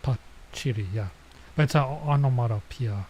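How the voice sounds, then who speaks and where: A man on a casual live stream reading a manga and translating it, halting and explaining as he goes. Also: mid-range voice, darkish tone, slight background noise, rough recording.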